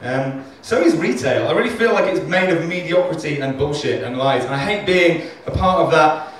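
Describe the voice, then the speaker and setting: A man's voice: on the high side, animated, normal speed. A man doing a stand-up comedy set, rambling, self-deprecating and sweary. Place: comedy club stage. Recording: echoey club, recorded from far off.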